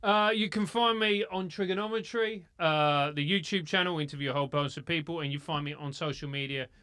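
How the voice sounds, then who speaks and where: A man talking as a guest on a podcast, animated and laughing, swearing casually. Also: fairly high pitch, a little fast, clean tone, no echo, studio quality. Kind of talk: casual chat.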